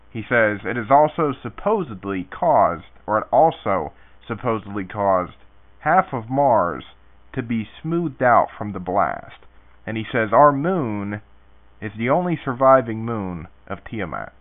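Animated male radio host, tinny sound. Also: medium pitch. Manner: animated, laughs between questions. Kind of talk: casual radio interview, reading listener questions. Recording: tinny phone-like radio audio.

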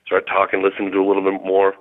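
A man calling in from a hotel room, telling his story in a rambling, halting way full of restarts. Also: sits low, monotone. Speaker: phone-in guest investigator. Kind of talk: excited phone-in account. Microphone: telephone. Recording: tinny phone line.

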